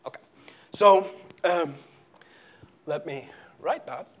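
Halting man giving a chalkboard lecture. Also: a little high. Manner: halting, full of fillers and restarts while writing. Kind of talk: live chalkboard math lecture. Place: lecture hall.

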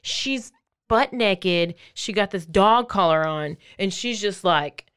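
A woman hosts a podcast and casually recounts a true-crime case. She is animated and acts out the people in the story in playful voices. Her voice is smooth and clear, at a middle pitch. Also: slow pace. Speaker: podcast host.

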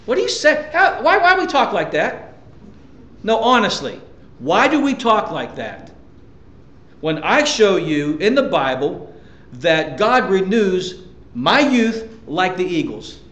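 A man's voice: high-pitched, very animated, moderate pace, a bit bright, reverberant. A male pastor preaching a sermon with emphasis, asking the congregation rhetorical questions.

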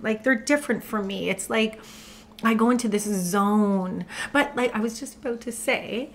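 Higher-pitched enthusiastic woman podcaster. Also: normal speed, slight background noise. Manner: enthusiastic, agreeable, repeats words for emphasis. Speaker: podcast co-host. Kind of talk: casual podcast chat.

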